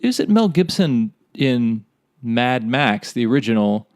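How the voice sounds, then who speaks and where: A man's voice: mid-range voice, big pitch swings, measured pace, a little mellow, smooth, dry recording, clean studio sound. A man co-hosting a podcast in casual chat, rambling and speculating, laughing at his own stories. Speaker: podcast co-host.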